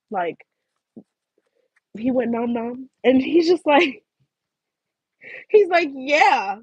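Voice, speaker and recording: A woman's voice: high-pitched, takes it slowly, pauses often, slightly rough, no room sound. A young woman from Philadelphia hosting a tarot livestream, chatting casually and telling a story with lots of laughter. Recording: dull lo-fi stream audio.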